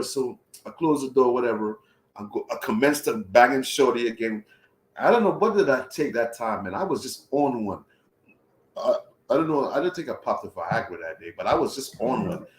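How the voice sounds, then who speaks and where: Profane, animated man telling a story. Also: mid-range voice, normal speed. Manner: profane, animated retelling with voiced reactions. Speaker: travel vlogger. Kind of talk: casual storytelling. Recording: roomy echo.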